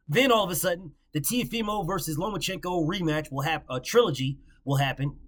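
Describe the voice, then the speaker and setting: A man with a somewhat high voice delivers a solo boxing rant. He is blunt, profane and mocking, and he often stumbles and restarts mid-sentence as he gets worked up. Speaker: boxing commentary host. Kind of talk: casual opinion monologue.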